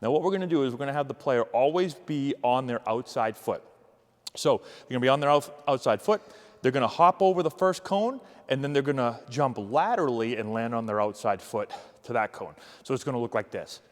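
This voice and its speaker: A man coaching youth agility drills, giving energetic, encouraging cues while demonstrating. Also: medium pitch, brisk, long reverb tail. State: out of breath. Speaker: baseball coach.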